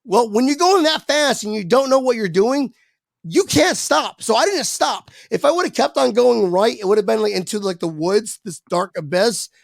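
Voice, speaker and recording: A man telling a long anecdote as a podcast guest, lively and profane, acting out the voices of people in it. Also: very high-pitched, normal speed, creaky, dry recording. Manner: animated, swearing, acts out quoted voices. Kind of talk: casual storytelling on a podcast.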